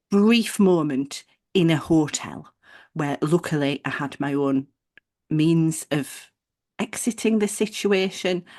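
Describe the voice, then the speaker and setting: A woman co-hosting a podcast, telling a personal story in a casual, animated way and acting out the people she quotes. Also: low voice. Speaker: podcast co-host.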